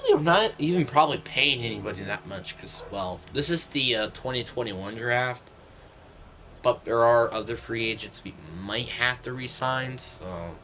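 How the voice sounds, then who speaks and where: A man's voice: medium pitch, pushed and bright, slight background noise. A young man streaming a football video game, giving casual gameplay commentary in an exasperated, ranting way.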